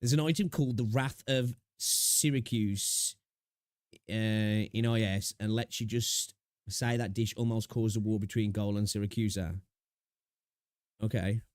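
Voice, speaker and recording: A man's voice: lowish voice, steady tone, unhurried, no echo, studio quality. A young man chatting casually on a live stream, reacting to videos, talking to his chat with slang and frequent laughs.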